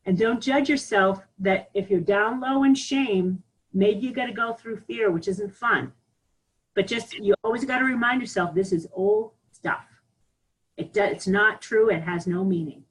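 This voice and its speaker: A woman leads a live spiritual group call, her voice husky and a little breathy. She talks in a candid, animated way and laughs often. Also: mid-range voice, measured pace, low-quality recording. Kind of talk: casual spiritual talk. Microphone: online group call.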